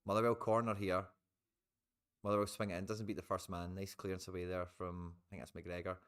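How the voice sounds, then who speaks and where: Scottish male streamer, lowish pitch, casual live match commentary, informal and chatty with viewers. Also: level tone, fairly quick, a bit bright, clean tone. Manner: chatty, swears, talks to viewers as guys. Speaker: live football watchalong streamer.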